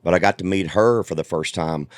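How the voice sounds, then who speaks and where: A man with a very low voice hosts an easygoing interview. He tells stories in a folksy, relaxed way, in a dry, close-sounding recording. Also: a little fast, no room sound. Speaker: podcast host. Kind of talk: casual interview chat. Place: tour bus.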